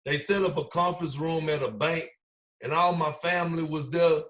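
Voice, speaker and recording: A former basketball player, guest on a podcast, tells stories in a casual, slangy way, acting out what others said. His voice is a little high and his pace moderate.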